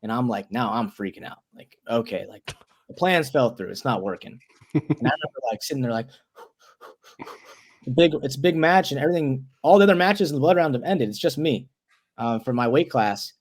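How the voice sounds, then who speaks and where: A young man in his twenties tells a story as an interview guest. His voice sits at an ordinary middle pitch. He talks loosely, with lots of "like" and restarted words, and slips into the voices of the people he quotes. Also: lively intonation, a little fast.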